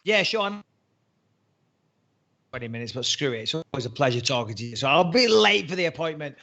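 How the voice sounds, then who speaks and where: A man in his forties with a Northern English accent tells his story to an interviewer, his voice sitting fairly high for a man. He talks in a lively, joking way, often laughing things off before he turns serious. The recording is muffled and lo-fi. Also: fairly quick, gravelly. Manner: chatty, jokey, animated. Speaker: interview guest, former fighter turned commentator. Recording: muffled lo-fi audio.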